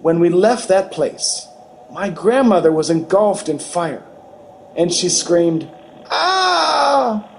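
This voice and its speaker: Slow, earnest male testimony narrator. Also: on the high side, mellow, a little hiss or hum, rough recording. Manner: measured, earnest storytelling.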